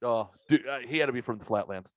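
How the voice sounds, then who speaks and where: A man telling a story on a podcast, swearing freely and getting animated as he goes. His voice sits in a middle register. The recording is dull and dry, with no room sound. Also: medium pitch, fast, dry recording. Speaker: podcast host. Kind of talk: casual podcast chat.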